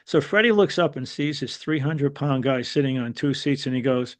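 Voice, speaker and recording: A man's voice: medium pitch, moderate pace, few pauses. An older man from New York telling stories casually as a podcast guest, with lots of fillers and restarts. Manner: rambling, many fillers and restarts, animated quotes. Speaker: guest, former wrestling referee. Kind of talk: casual storytelling.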